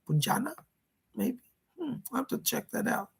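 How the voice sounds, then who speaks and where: Gravelly, husky man on a livestream. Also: very high-pitched, normal speed, fairly bright tone. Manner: chatty, reads out viewer messages and responds. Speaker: psychic astrologer hosting a livestream. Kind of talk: casual livestream chat reading viewer comments. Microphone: computer setup at a keyboard.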